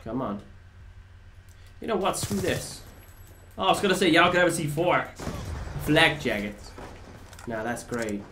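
A man's voice: a little high, lively intonation, unhurried, long pauses, pushed and bright. A man from the Netherlands, a native Dutch speaker, commenting casually on live gameplay, bantering with chat and swearing now and then. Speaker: game streamer. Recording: roomy echo, faint background noise.

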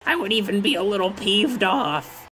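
A woman's voice: medium pitch, expressive, moderate pace, bright, forceful tone. A woman co-hosting a game playthrough, joking and swearing playfully in casual chat. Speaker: let's play co-host. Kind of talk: casual comedic gameplay chat.

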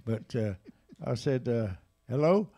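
A man in his eighties with an English accent, casually telling jazz stories at a live museum event, lively and animated in his retelling. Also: medium pitch, takes it slowly. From England. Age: 80s. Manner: lively, animated retelling with raised voices for quotes. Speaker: jazz drummer and storyteller guest. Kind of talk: casual anecdotal storytelling.

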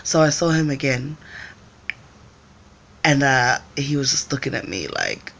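Low, gravelly-voiced woman vlogger. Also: very animated, unhurried, a bit bright, slight background noise. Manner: chatty storyteller, acts out voices, laughs often. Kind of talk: casual live-stream chat.

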